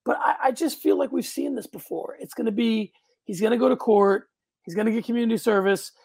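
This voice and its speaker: Gravelly-voiced man hosting a podcast. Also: very high voice, brisk, a little mellow, dry recording. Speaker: podcast host. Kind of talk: casual podcast chat.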